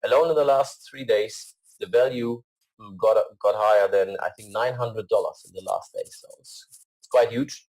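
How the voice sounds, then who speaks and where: Halting man presenting slides, low voice. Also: darkish tone, rough recording. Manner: hesitant, many fillers and restarts; earnest.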